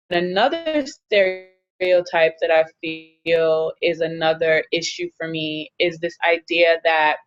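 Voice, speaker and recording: Panelist: woman, slightly low pitch, earnest, measured delivery, muffled recording. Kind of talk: casual panel discussion.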